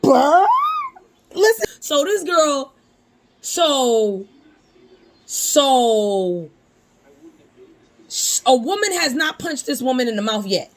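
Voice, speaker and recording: Woman host roasting a clip, sassy and mocking, pretty high voice. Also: very animated, slow pace, pauses often, a little hiss or hum. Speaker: commentary channel host. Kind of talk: casual reaction commentary.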